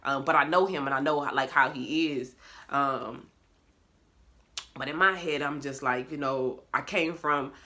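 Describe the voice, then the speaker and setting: Bright-voiced young woman venting on camera. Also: extremely low pitch, a little slow. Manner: candid, expressive, swears freely, laughs often. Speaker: vlogger. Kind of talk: casual confessional vlog. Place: bedroom at home.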